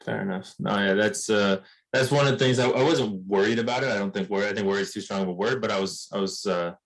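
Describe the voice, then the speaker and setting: Lowish-voiced guy on a video call, polite, kinda stumbly, lots of restarts. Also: quick pace, creaky, poor audio. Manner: hesitant, restarts often, polite. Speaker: course member asking a question. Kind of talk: casual Q&A chat.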